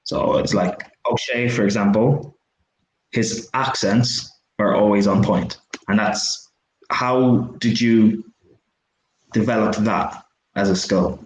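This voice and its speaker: A young man hosting a podcast, asking questions in a quick, chatty manner. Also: on the low side, steady tone. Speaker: podcast host. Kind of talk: casual interview chat. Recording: echoey lo-fi room with faint hiss.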